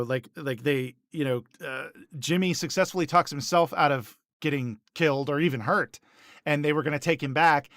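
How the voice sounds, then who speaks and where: A man's voice: on the high side, a bit bright, no echo, clean studio sound. A man co-hosting a podcast, retelling TV scenes in casual chat with lots of fillers and restarts. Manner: rambling, many restarts and fillers. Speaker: podcast co-host.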